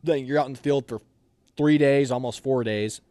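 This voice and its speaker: A young man recounts his training days in a loose, animated way, often laughing. His voice sits at a middle pitch and the recording is dry and close. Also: moderate pace, clear, resonant tone, no echo. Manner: animated, laughs while telling, acts out quotes. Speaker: interviewee telling army training stories. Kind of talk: casual storytelling.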